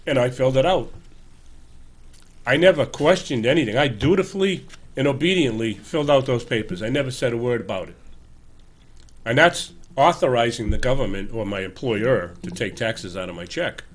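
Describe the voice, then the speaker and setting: A man in his sixties hosts a show, delivering an earnest, emphatic political commentary monologue that urges listeners on. His mid-range voice has lively intonation and a normal speed, and he speaks loosely and conversationally, often correcting himself mid-thought.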